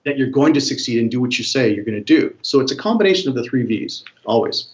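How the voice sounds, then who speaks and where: A man speaking briskly and energetically as a guest expert on body language, breaking into small acted-out examples as he explains. He sits at a middle pitch, and the audio is a little dull and muffled. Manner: energetic, animated, acts out examples. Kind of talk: explanatory interview talk.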